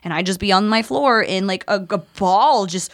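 Woman veteran, 30s, candid podcast guest, profane and animated storyteller. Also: medium pitch, normal speed.

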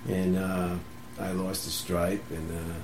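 A man casually telling animated stories about his military days, laughing through them. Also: deep voice, slow. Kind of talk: casual storytelling chat. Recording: echoey room with faint background hum.

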